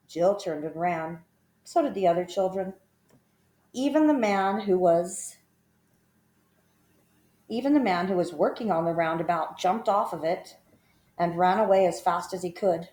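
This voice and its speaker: A woman reading a children's story aloud in an expressive, measured storytelling manner. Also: fairly low pitch. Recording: roomy echo.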